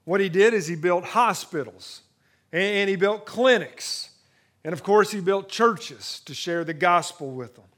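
A man delivers a sermon in a fairly high voice. He moves between hushed, personal moments and rising excitement, often circling back to repeat a phrase as he presses a point. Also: unhurried. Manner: dynamic preaching, drops to hushed intimacy then builds to rising excitement. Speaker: pastor.

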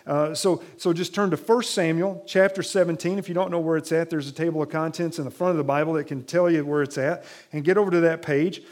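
A pastor delivers a sermon to his congregation in a church, talking to them in a relaxed, conversational way. His voice sits a little higher than most men's, and he often restarts a phrase before finishing it. When he reads scripture aloud he turns more dramatic. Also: fast, hardly any pauses. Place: church sanctuary.

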